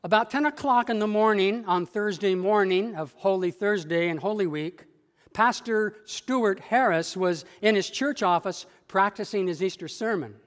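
A male pastor delivering a story sermon in a church with a measured, dramatic storytelling manner. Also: sits high, in a large hall.

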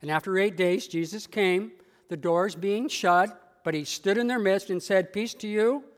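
A male pastor delivering a story sermon in a church with a measured, dramatic storytelling manner. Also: high voice, big-room sound.

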